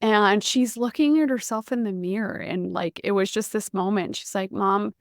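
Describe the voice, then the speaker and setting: A woman's voice: mid-range voice, moderate pace, hardly any pauses, dry recording, clean studio sound. A woman, hosting a motivational podcast, emphatic and casual, with swearing. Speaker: podcast host.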